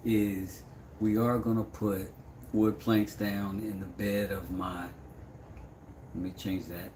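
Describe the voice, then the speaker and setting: A laid-back man with a drawl talks casually to his livestream chat. His voice is mellow and dark. It echoes around a workshop, with a faint hum of ambient noise behind it. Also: on the low side. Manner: laid-back, chatty, reads viewer comments aloud, drops to mumbles. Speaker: livestream host making mallets.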